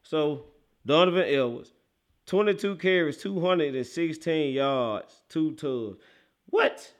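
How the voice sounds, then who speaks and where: A man from Memphis with a Southern accent hosting casual sports talk, excitable and often laughing and exclaiming. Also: fairly high pitch, measured pace. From Memphis, Tennessee. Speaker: sports show host.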